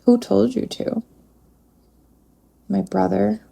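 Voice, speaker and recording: A woman working as a psychic medium, talking softly in a spirit communication session and pausing to address an unseen presence. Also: medium pitch, fairly even intonation, gravelly, breathy edge.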